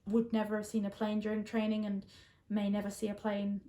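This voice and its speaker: A woman's voice: medium pitch, completely flat delivery, a little fast, mellow. Chatty Englishwoman in an echoey room. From England. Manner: chatty, laughs often, many fillers. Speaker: guest. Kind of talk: casual chat.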